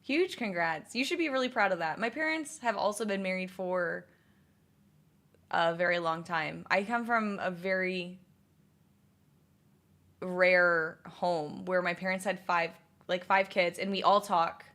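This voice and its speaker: A woman's voice: on the low side, measured pace, a bit bright. Rambling woman streamer chatting with viewers. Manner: rambling, answers chat messages, many fillers and restarts. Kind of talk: casual livestream chat.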